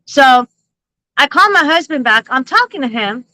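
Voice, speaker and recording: A woman hosting a psychic-reading livestream, telling a story in an animated, laughing way and swearing freely. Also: high-pitched, moderate pace, low-quality recording. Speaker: psychic reader and livestream host.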